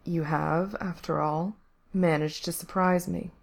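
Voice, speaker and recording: A woman voicing a cold, menacing male villain who speaks softly and growls his threats. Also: deep voice, fairly even intonation, a little slow, creaky. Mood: soft menace.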